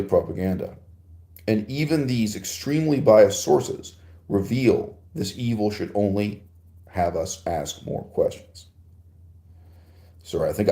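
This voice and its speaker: A man with a low, mellow voice delivers a rambling philosophical monologue as a podcast host, answering a listener's email. He punctuates his points with laughs and a rhetorical "right?", and his voice rings in an echoey room. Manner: digressive and emphatic, with frequent laughs and rhetorical "right?".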